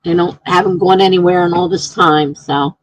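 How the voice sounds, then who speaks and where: A woman live-streaming from home, chatting casually, reading viewer comments aloud and telling excitable stories. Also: lowish voice, normal speed, no room sound, poor audio.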